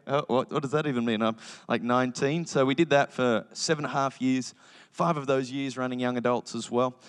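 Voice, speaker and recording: A man in his thirties preaching a sermon as pastor, telling joking family stories with lively impressions. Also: mid-range voice, clear, resonant tone, big-room sound. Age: 30s. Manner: energetic, joking storytelling with animated impressions.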